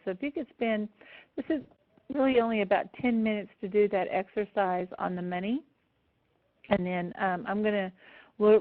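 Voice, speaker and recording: Woman presenter, emotional and affectionate, narrow phone-like sound, web call mic. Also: mid-range voice. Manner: tender and emotional, close to tears; warm, affectionate address to attendees. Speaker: seminar presenter. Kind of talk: live online seminar talk. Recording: tinny phone-like audio.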